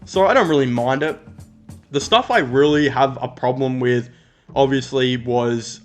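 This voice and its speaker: An Australian man giving a casual, rambling movie review, blunt and quick to swear. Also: mid-range voice, soft background music.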